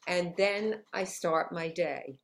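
Slow and low-leaning with vocal fry, this woman's voice belongs to an author guesting on a conversational interview in New York City. She's upbeat and encouraging throughout and laughs a lot.

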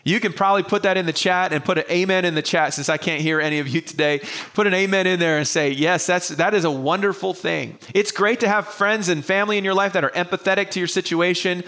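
A man's voice: high-pitched, steady tone, quick pace, pushed and bright. A male pastor preaching a sermon to an online congregation, earnest and repeating key phrases for emphasis.

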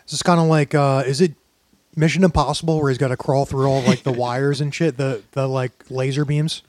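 A man on a podcast, chatting casually and tossing in quick jokes. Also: medium pitch, fairly even intonation, darkish tone, dry recording. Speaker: podcast co-host.

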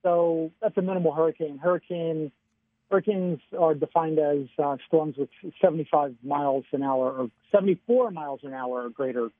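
A man giving a casual radio weather forecast by phone, chatty and relaxed, often chuckling. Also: a little high, moderate pace, no echo. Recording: tinny phone line.

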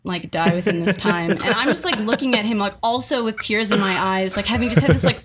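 A woman's voice: mid-range voice, fast, over a noisy crowd. A young adult woman, a caregiver, telling stories in casual chat, rambling with lots of fillers and frequent laughs.

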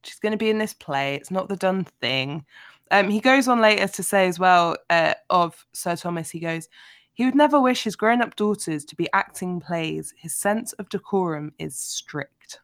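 A woman hosting a casual book discussion, talking in an animated, chatty way with frequent filler words. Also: fairly low pitch, moderate pace, no room sound, studio quality. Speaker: podcast host.

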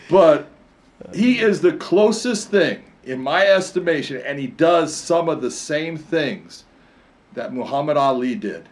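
A man's voice: on the high side, expressive, unhurried. A man co-hosting a casual combat-sports talk show, telling stories animatedly and laughing often. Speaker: co-host, fight commentator. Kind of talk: casual chat.

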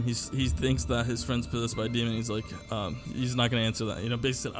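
A man's voice: mid-range voice, level tone, quick pace, hardly any pauses, soft background music. A young man co-hosting a podcast, telling a long story in casual chat, rambling with lots of fillers and swearing. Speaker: podcast co-host.

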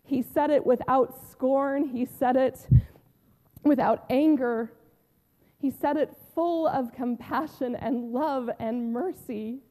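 A woman pastor playing a grieving, devoted woman disciple in a first-person sermon retelling, telling it heartfelt with long pauses and soft drops. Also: high voice, in a large hall. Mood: awed.

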